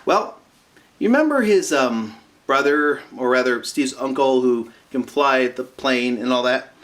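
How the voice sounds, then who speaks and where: A man casually recapping a cartoon episode, rambling with asides and fillers and slipping into quick impressions of the characters. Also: medium pitch, lively intonation, a bit bright. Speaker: episode reviewer.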